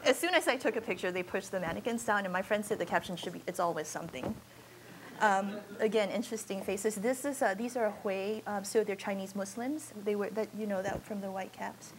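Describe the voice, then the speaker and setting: A woman's voice: medium pitch, fairly quick, a little hiss or hum, poor audio. A woman photojournalist giving an informal slideshow talk in a university auditorium, speaking in a candid, conversational and unpolished way.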